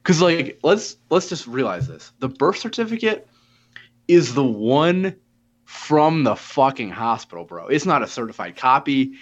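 A man's voice: medium pitch, measured pace. A man in his twenties telling a story in casual chat, swearing freely and acting out the voices of the people in it. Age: 20s. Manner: profane, animated retelling with quoted dialogue. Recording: dull lo-fi audio.

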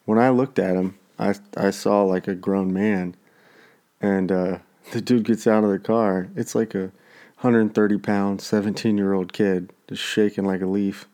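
A man's voice: fairly low pitch, fairly even intonation, measured pace, mellow. A man telling a neighborhood story in casual chat, acting out the people he quotes.

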